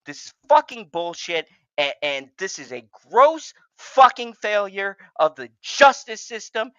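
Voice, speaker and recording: A man rants with furious, swearing heat, his pitch swinging widely as he stammers when worked up. The sound is dry, with no room around it, and slightly dull and lo-fi. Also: very animated, a little slow, few pauses, pushed and bright, no room sound. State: agitated, racing heart. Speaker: show host. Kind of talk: angry ranting commentary.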